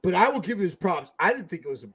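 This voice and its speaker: A man co-hosting a casual sports fan podcast, profane and excitable, swinging between loud bursts and mutters. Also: high-pitched, fast, slightly rough. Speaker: podcast co-host.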